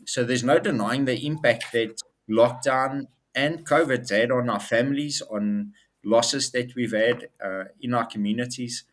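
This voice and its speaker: An upbeat man co-hosts a casual business show. He talks in loose, rambling sentences with fillers like "um". His pitch sits at an ordinary middle for a man. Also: measured pace. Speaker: co-host.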